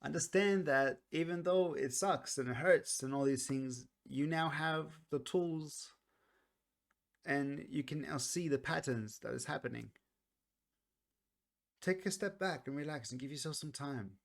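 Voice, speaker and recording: A man talking casually through a song's meaning, earnest and reflective, often pausing and restarting his sentences. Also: fairly high pitch, gravelly. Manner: earnest, reflective, soft-spoken. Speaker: music reaction vlogger. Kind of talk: casual song commentary.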